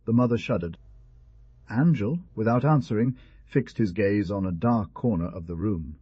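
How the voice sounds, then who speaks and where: A man narrates a storybook audiobook in a measured, even reading. His voice is low, mellow and somewhat husky. The recording is dry and a bit lo-fi. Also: dry recording.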